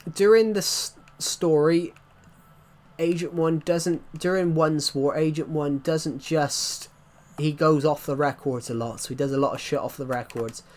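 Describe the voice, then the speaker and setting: An English streamer with a West Country accent chats casually to his viewers while gaming, rambling and restarting sentences. His voice is fairly high and darkish in tone, with fairly even intonation and an unhurried pace.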